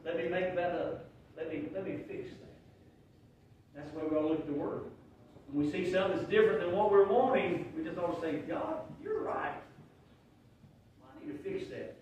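A man's voice: sits high, fairly even intonation, fairly quick, a little mellow, a little hiss or hum. A man, preaching a heartfelt sermon as pastor, often restarting his sentences. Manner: earnest, emotional preaching with repeated restarts. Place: church sanctuary. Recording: very echoey room, mic at a distance.

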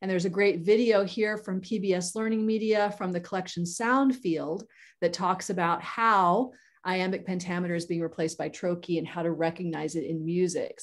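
A woman co-hosting an online professional development session for teachers, presenting enthusiastically with frequent fillers. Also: on the low side. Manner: enthusiastic, with many fillers and restarts. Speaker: educator webinar co-host.

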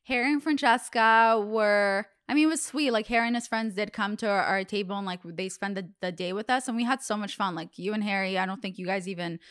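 A woman's voice: mid-range voice, a little fast, few pauses, fairly bright tone, clear, resonant tone, no room sound, studio quality. A young woman hosting a podcast, telling a long rambling story in casual chat, full of "like" fillers. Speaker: podcast host.

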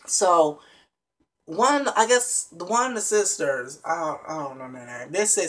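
A vlogger gives viewers a casual recap of a reality show episode, chatty and emphatic, restarting often and tossing in lots of asides to the audience. The voice is mid-range, animated and fairly bright, with a slow pace.

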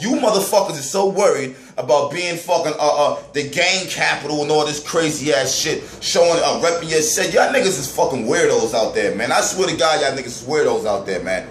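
A man's voice: a little high, fairly quick, few pauses, roomy sound, slight background noise. A man ranting angrily and profanely about battle rap events in a heated vlog.

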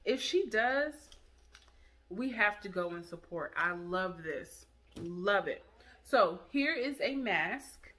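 A woman's voice: mid-range voice, lively intonation, takes it slowly, a bit bright. A woman hosting a casual product review vlog, chatty and enthusiastic, talking straight to her viewers.

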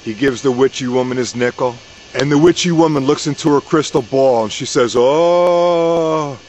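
A man telling a story casually and in a folksy way, with mid-range pitch. He repeats phrases in a relaxed rhythm. A faint hiss runs under the recording. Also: fairly quick, rough recording.

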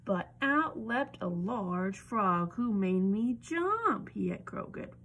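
A young woman reading a picture book aloud to children, animated and often dropping into a whisper. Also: mid-range voice, slow pace, highs cut off. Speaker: storyteller.

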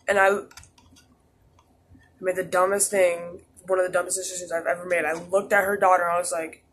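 A man's voice: high voice, level tone, brisk, fairly bright tone, slight background noise. A teenage boy vlogging a casual storytime, rambling with lots of "like" and restarts. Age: teens. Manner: rambling, heavy use of "like" and restarts.

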